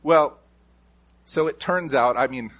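A man delivers a sermon as a pastor. His voice is husky with a slightly breathy edge. He presses his points hard, repeating key lines and moving the stress from word to word. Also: a little high, takes it slowly, fairly bright tone. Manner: emphatic, repeats key phrases with shifting stress.

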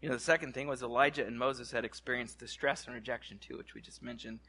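A man preaching to his congregation in a church, animated, repeating words and asking the room questions. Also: medium pitch, fast. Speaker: pastor. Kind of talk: sermon. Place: church hall.

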